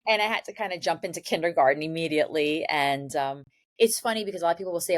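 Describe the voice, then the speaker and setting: A woman's voice: low voice, fast, no room sound. A middle-aged woman chatting as an interview guest, gushing and bubbly, with lots of restarts and little laughs. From born in New York, raised in Ecuador and South Florida. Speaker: interview guest, dating coach. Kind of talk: casual interview chat.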